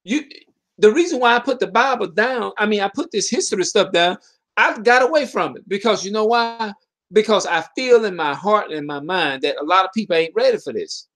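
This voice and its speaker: A man's voice: high voice, expressive, fairly quick, fairly bright tone. A man giving an impassioned monologue to his viewers, preaching and hammering the same rhetorical questions while stumbling and restarting mid-sentence. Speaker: video commentator.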